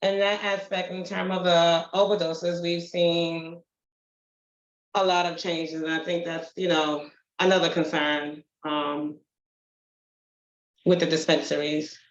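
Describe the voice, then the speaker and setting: Soft, hesitant woman on an echoey call. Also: fairly low pitch, little pitch movement, slow, pauses often, dull audio. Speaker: meeting participant. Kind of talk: casual remarks at a public meeting.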